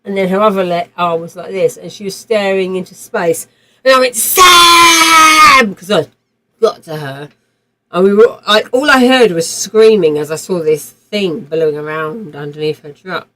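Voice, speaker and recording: A woman's voice: fairly low pitch, normal speed, slight background noise, low-quality recording. A woman, streaming a game while telling a vivid personal story in a rambling way, with swearing and frequent restarts. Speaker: livestream gamer.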